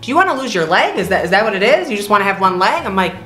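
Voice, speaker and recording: Young woman telling a story, bright voice, acts out all the voices, laughs a lot, echoey room, faint music. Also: rapid-fire. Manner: animated, acts out quoted voices with big pitch jumps; laughs often mid-story. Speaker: vlog co-host. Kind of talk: casual storytelling.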